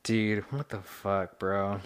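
A man's voice: lowish voice, level tone, slow pace, clear, resonant tone. Slangy young man in casual chat. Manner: loose, slangy, heavy use of "like" and "dude".

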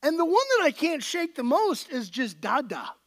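Animated, high-voiced male pastor preaching. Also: normal speed. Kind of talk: sermon.

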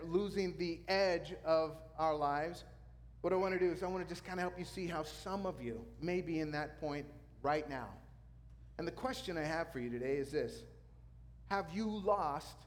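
A male pastor preaching a sermon, telling a story with lively sound effects. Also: high-pitched, big-room sound.

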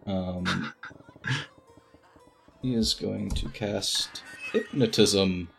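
Low-voiced man playing a tabletop game. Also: very slow, vocal fry, soft background music. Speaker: player.

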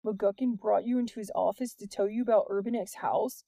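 A woman's voice: medium pitch, fairly even intonation, a little fast, creaky, mellow, no room sound, clean studio sound, lightly acted. A woman voicing a curious, teasing teenage boy who talks eagerly.

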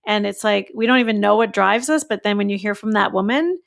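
A woman coach talking as a podcast guest, animated and acting out her own inner thoughts in quotes. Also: mid-range voice, brisk, creaky. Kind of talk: casual podcast conversation.

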